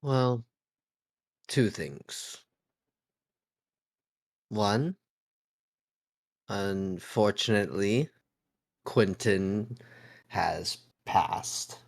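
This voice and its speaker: Slow, gravelly man at the game table. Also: on the low side, dry recording. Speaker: player. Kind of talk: playing a tabletop role-playing game.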